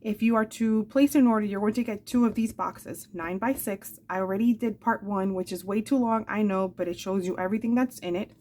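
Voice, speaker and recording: A woman's voice: medium pitch, fairly quick, hardly any pauses, darkish tone, a little hiss or hum. A woman in her forties, chatting casually and affectionately as she shows off craft supplies, with rambling asides. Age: 40s. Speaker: craft channel host. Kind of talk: casual show-and-tell chat.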